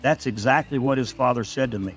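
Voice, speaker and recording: A man's voice: medium pitch, a little fast, faint music behind, natural voice. A man voicing a weary, somber army officer.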